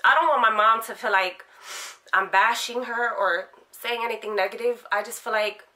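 A young woman from Philadelphia speaks to her camera with a clear, bright voice. She tells a personal story candidly, emotional and close to tears, wandering through fillers as she goes. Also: a little high, moderate pace. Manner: emotional, heartfelt, rambling with fillers. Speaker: vlogger.

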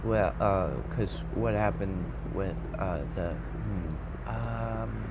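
A man's voice: low-pitched, slow pace, very noisy. A man commenting on a horror game he plays, mumbling and hesitant as he talks to himself. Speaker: gaming youtuber.

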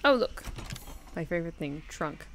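Brief: woman streamer at her desk, low-pitched, chatty and foul-mouthed, reacting aloud. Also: expressive, normal speed, slight background noise. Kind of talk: casual gaming commentary. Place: home desk with keyboard.

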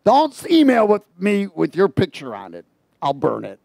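A man preaching an informal sermon on a psalm in an animated, mocking way, laughing at his own asides. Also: high-pitched, moderate pace, vocal fry, no room sound.

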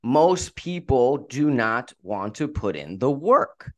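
A man's voice: medium pitch, sing-song, slow. A man hosting a podcast interview as a relationship coach, emphatic and repeating words for effect.

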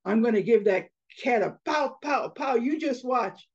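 A woman's voice: a little high, lively intonation, unhurried, highs cut off. A woman doing a blustering father mouse. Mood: boastful. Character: boastful, easily scared father mouse.

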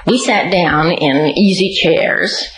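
A woman giving an oral history interview, telling her memories in an unhurried, storytelling way with occasional light laughs. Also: on the low side, a bit bright, echoey room, rough recording.

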